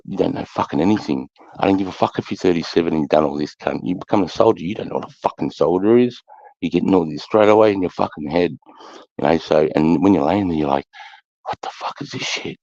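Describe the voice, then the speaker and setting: A man's voice: sits low, quick pace, mellow, no echo. A middle-aged Australian man, an army veteran hosting a casual chat, telling stories bluntly with heavy swearing. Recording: dull lo-fi sound.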